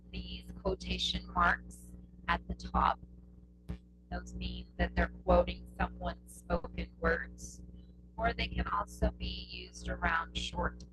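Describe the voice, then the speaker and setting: A woman teaches a test prep lesson in an unhurried, patient way. She goes over each point more than once and checks in with her listeners. Steady hum and noise sit under her voice. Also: mid-range voice. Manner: slow, patient, repeats points with checking "okay?". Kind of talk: classroom lesson explaining punctuation.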